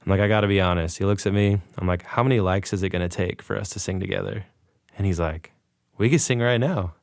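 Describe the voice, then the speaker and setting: A gravelly, low-pitched voice, fairly quick, belongs to a podcast guest excitedly telling a casual story. He acts out the dialogue as he goes. The recording is studio quality with no room sound.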